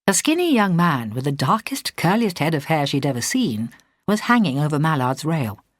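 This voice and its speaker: A woman narrating a story in a measured storytelling voice, close to a studio mic. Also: deep voice, sing-song, dry recording. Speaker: audiobook narrator. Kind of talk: scripted narration.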